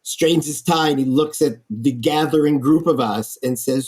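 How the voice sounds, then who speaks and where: A man, an architect guest, telling stories in a lively, animated way in a podcast interview. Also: fairly high pitch, normal speed, husky. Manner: lively storyteller, acts out quoted voices.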